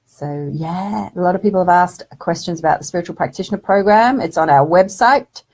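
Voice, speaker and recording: A woman with a lowish, slightly mellow voice speaks a little fast as she hosts a casual live stream. As a spiritual development teacher, she reads viewers' comments aloud in a fond, chatty manner, calling them darling.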